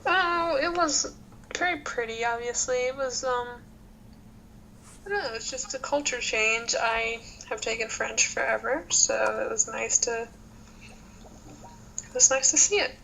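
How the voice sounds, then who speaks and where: A woman's voice: a little high, a little slow, creaky, pauses often, sharp tone, a little hiss or hum, low-quality recording. A young woman guest on a podcast in casual chat, laid-back, giving short answers and giggling often.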